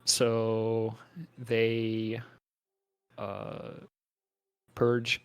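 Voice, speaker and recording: A man's voice: lowish voice, completely flat delivery, drawn-out words, smooth. A man co-hosting a podcast, casually recapping a movie plot with profane, jokey asides. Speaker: podcast co-host.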